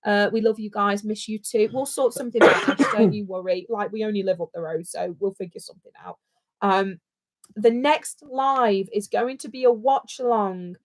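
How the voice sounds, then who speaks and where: British woman, livestream co-host, rambly and jokey, mid pitch, easygoing chat. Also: fairly even intonation, moderate pace.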